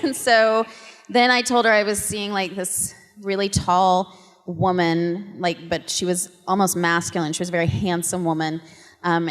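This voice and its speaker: A woman on a convention panel, telling a story with lively, laughing energy and acting out the quotes. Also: fairly low pitch. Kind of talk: animated storytelling to an audience. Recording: reverberant convention hall.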